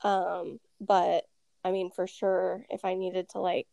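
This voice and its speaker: A woman's voice: lowish voice, flat delivery, slow, gravelly, mellow, dry recording. A woman co-hosting a podcast, playful and laughing easily in casual chat. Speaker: podcast co-host.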